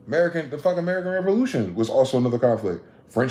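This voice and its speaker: A man hosting a livestream, ranting with profanity, repeating words in chains and breaking into sudden high-pitched shouts. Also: expressive, very fast, few pauses. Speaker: livestream host. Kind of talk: livestream monologue.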